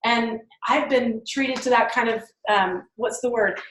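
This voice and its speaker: A woman's voice: on the high side, unhurried, a bit bright, reverberant, a little hiss or hum, low-quality recording. A woman giving a team mindset training talk, enthusiastic and chatty, laughing often.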